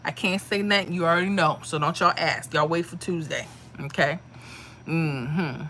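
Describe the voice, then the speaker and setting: This woman's voice is low-pitched and a bit bright, her intonation fairly even and her pace moderate, with slight background noise. She hosts a lottery livestream, reading comments and casually chatting with viewers she calls mama and honey.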